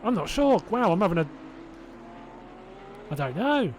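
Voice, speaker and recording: A man's voice: high voice, sing-song, unhurried, darkish tone, slight background noise. A man from Hertfordshire with a southern English accent commentating a sim race live, chatting and rambling with viewers between calls. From Hertfordshire, England. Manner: chatty and rambling, self-doubting asides, laughing to himself.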